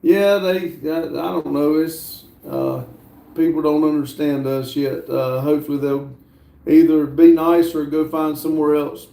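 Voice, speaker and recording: A man hosting a livestream, slowly reading viewer messages aloud with lots of hesitant fillers. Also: fairly high pitch, steady tone, gravelly, warm tone, echoey room. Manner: slow, halting reading with many fillers. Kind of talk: casual livestream chat.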